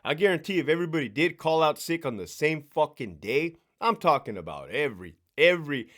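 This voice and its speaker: A man's voice: a little high, expressive, a little fast, fairly bright tone. A man, a former prison sergeant, ranting bluntly and profanely in a casual vlog, often repeating and restarting words.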